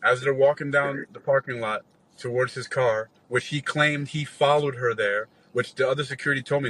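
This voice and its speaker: A man in his forties tells a long, rambling story in relaxed conversation. His voice is bright and forceful, sits at an ordinary pitch, and is laced with swearing as he acts out other people's lines. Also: normal speed, rough recording. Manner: rambling, profane, animated retelling with quoted dialogue. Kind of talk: casual storytelling.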